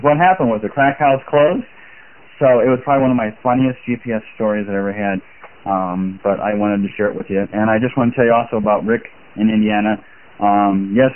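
Low-voiced man rambling on a phone line. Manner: rambling and chatty, many fillers. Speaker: caller, sales rep. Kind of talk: voicemail message to a podcast. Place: in a car while driving. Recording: tinny phone line with faint hiss.

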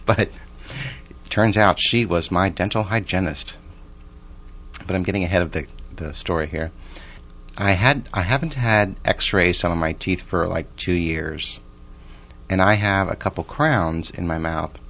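Chatty low-voiced man in his forties. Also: unhurried, a bit bright. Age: 40s. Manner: chatty and rambling, with frequent restarts and side remarks. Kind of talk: casual personal storytelling.

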